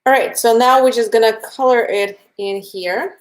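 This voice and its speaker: A young woman with a Russian accent leads a live painting tutorial, her voice sitting a little high. She walks viewers through each step in a chatty, friendly way. She speaks to them directly and answers their chat messages as she goes. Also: normal speed. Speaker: painting instructor. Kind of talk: live-streamed painting lesson.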